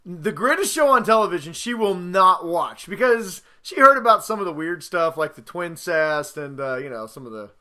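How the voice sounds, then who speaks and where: A man in his thirties co-hosting a casual podcast, telling a story with lively quoted voices. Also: high voice, normal speed, few pauses. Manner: animated storyteller, acts out quotes loudly. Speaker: podcast co-host. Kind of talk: casual chat.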